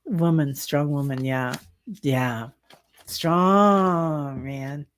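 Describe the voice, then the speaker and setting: A middle-aged woman doing a tarot reading livestream, talking casually and warmly with viewers, rambling, with lots of fillers. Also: sits low. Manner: slow, chatty, rambling with many fillers. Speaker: tarot reader and medium.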